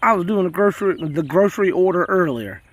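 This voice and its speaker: A man's voice: sits high, lively intonation, quick pace, no echo. A man hosting a homesteading channel, chatting casually and folksily outdoors on a farm near his chickens. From South Carolina. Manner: folksy and chatty, says y'all a lot. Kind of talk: casual rambling chat.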